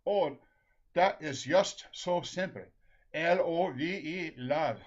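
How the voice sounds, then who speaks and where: Man doing a high, eager old Norwegian wife, lo-fi sound. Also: takes it slowly. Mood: sweet. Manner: eager, repeats questions. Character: old Norwegian wife Lena, nosy and sweet. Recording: dull lo-fi recording.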